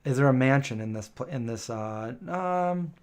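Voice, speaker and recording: Streamer host, male, mid-range pitch: casual, rambling, hesitant live-chat delivery. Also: animated, normal speed, smooth. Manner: chatty, rambling, lots of um and self-correction.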